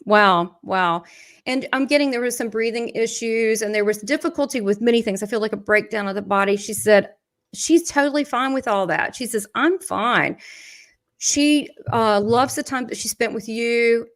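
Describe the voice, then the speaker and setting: A woman's voice: a little high, normal speed. A woman with a Southern US accent, a psychic medium chatting and laughing as she passes on spirit messages. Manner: chatty, laughs often, relays quotes from spirit. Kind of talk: live medium reading.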